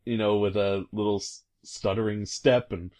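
A man's voice: lowish voice, fairly even intonation, moderate pace, a little mellow. A man casually retelling a video game scene, rambling and hesitant, full of fillers and amused asides. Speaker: commentator recounting a video game.

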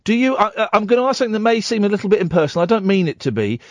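Man, radio phone-in host, higher voice, swooping delivery, dry studio sound. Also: very fast, no echo. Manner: animated, jokey and teasing. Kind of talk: late-night radio phone-in chat. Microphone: studio microphone.

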